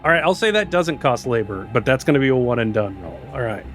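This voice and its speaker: A man running a tabletop game as game master, explaining rules in a relaxed way and laughing often. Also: medium pitch, quick pace, soft background music.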